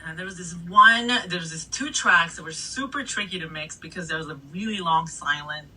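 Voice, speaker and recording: A middle-aged woman DJ telling stories in a casual interview, animated, swearing freely and laughing between anecdotes. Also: lowish voice, normal speed, slightly rough. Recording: voice a bit distant from the mic.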